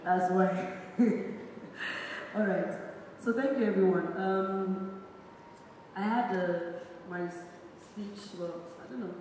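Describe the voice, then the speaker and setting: A woman in her thirties with a Nigerian accent gives a halting, rambling tribute to her late sister at a memorial event, full of fillers and restarts. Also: mid-range voice, darkish tone, a little hiss or hum. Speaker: bereaved sister giving a tribute. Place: large echoey event hall. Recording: echoey hall recorded from far off.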